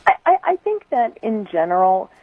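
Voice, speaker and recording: Radio guest: a woman on a phone-line call, opinionated, long run-on talk, mid-pitched. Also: big pitch swings, normal speed. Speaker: radio host guest commentator. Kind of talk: casual political chat.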